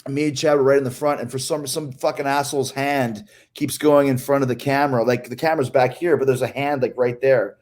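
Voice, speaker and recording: A man casually telling a story among friends on a podcast, animated and profane, laughing often and imitating the people he talks about. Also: mid-range voice, fairly quick, few pauses. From Canada.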